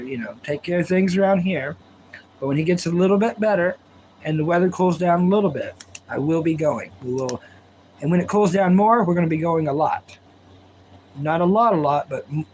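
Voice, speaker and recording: High-voiced chatty male streamer. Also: a little mellow, slight background noise, poor audio. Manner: chatty, folksy, answers viewer comments aloud. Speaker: livestream host. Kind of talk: casual live-stream chat and storytelling.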